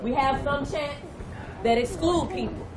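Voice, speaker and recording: A woman with a St. Louis accent, a protest organizer giving shout-outs and speaking directly to an outdoor crowd. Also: high voice, unhurried. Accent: St. Louis, Missouri. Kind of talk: rally announcements. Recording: outdoor recording amid a loud crowd.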